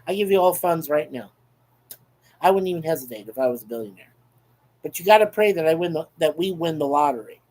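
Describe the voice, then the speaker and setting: A man hosting a casual livestream, chatty and playful as he reads viewer comments aloud. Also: sits high. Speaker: livestream host. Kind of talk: casual live chat. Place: home in Canada.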